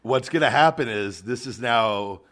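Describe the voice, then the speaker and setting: A man's voice: mid-range voice, fairly bright tone. A man hosting a podcast, joking and riffing in casual chat with a profane, wisecracking manner. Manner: wisecracking, profane, quick reactions. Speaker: podcast host.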